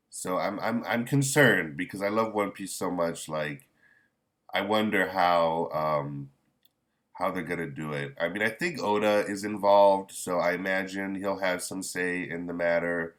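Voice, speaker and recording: A man chatting casually as a manga reviewer, rambling and halting, with candid, mildly profane remarks. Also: deep voice, a bit bright. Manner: rambling, halting with many restarts. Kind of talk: casual chat.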